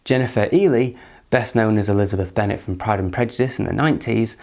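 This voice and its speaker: A man's voice: fairly low pitch, fast talker, creaky, a little mellow. A man hosting a casual film review from his living room, with dry, sarcastic humour.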